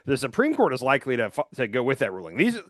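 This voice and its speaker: A man at mid pitch talks through the news with his co-host, rambling and informal and full of little filler words. The sound is dry and close, with almost no room in it. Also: huge pitch swings, fast talker, a bit bright, no echo. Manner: loose and rambling, heavy on "like" and "um". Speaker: podcast co-host. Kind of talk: casual political chat.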